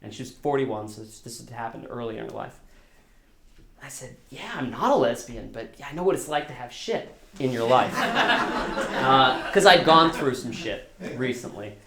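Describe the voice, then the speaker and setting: A man's voice: medium pitch, expressive, moderate pace, gravelly, sharp tone, echoey room. A man telling a personal story live, in a casual, self-deprecating way, acting out the dialogue as he goes. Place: small live storytelling venue.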